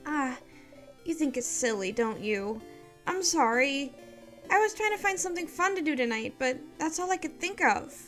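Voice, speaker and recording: A woman voicing a cheerful, earnest young female adventurer in a game, bubbly and quick to fret. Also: high-pitched, lively intonation, fairly bright tone, soft background music, voice pushed up. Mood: nervous. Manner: bubbly, then anxious and apologetic.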